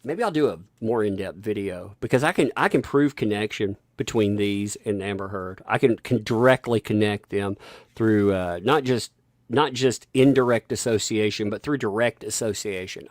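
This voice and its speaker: A man's voice: lowish voice, no room sound, clean studio sound. A man hosting a commentary channel from his home, emphatic and rambling with frequent restarts. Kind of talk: opinionated commentary vlog. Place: home with a basement.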